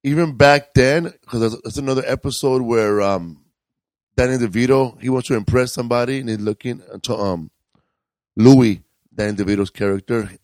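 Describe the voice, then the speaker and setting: A man's voice: mid-range voice, normal speed, darkish tone, dry recording. A man co-hosting a podcast, chatting loosely and rambling, with casual swearing. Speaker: podcast co-host. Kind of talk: casual chat.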